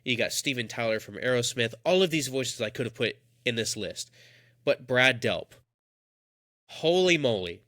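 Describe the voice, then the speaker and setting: A man's voice: mid-range voice, animated, normal speed, a bit bright, no room sound, clean studio sound. A young man co-hosting a podcast, talking in a casual, enthusiastic, rambling way. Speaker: podcast co-host. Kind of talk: casual chat.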